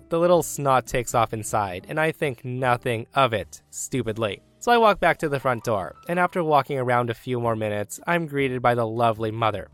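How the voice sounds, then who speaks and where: A man narrating a reddit story aloud with a lively, animated delivery. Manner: lively, animated delivery that jumps in pitch for emphasis.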